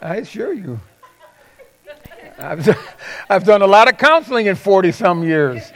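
A middle-aged man delivering a sermon with a lively, rather high voice. He swings from loud, punchy bursts down to quiet, confiding asides. His delivery stays animated throughout. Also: measured pace, pauses often, a faint crowd. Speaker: pastor.

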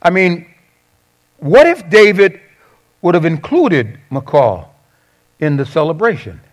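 A man preaching a sermon, conversational and animated, acting out quoted lines with sarcasm. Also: fairly high pitch, slow pace. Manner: conversational with self-corrections. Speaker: pastor.

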